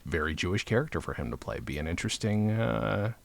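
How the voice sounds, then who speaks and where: A man from New York co-hosting a comedy podcast, interviewing with a playful, deadpan manner. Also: fairly low pitch, quick pace, vocal fry, no echo. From Lawrence, New York. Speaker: podcast co-host.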